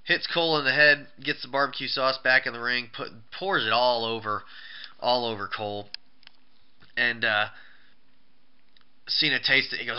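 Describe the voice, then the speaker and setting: A man rambles through a casual recap of a show, stumbling over restarts and fillers. His voice sits at an ordinary pitch and sounds smooth. The recording is muffled and lo-fi. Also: fairly even intonation, moderate pace, long pauses. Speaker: wrestling show reviewer. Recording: dull lo-fi recording.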